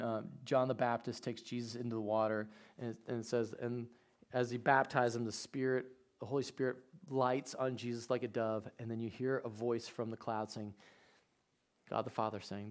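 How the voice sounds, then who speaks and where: A man, preaching a sermon with animated storytelling that swings from quiet to loud. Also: mid-range voice, moderate pace. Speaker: pastor.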